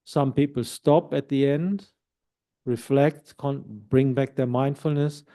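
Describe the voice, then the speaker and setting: Speaking slowly in a mid-range voice, a Buddhist monk calmly explains meditation practice at a retreat centre, occasionally demonstrating a mantra in a soft voice.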